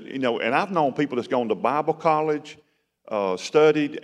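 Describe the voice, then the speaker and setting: A man preaching a sermon in a conversational style that rises to emphatic bursts. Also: on the low side. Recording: long hall reverb.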